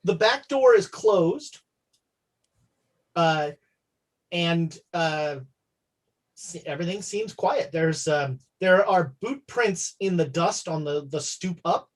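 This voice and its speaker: Game master, woman, husky low voice, halting narration full of ums. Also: animated. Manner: hesitant, many fillers.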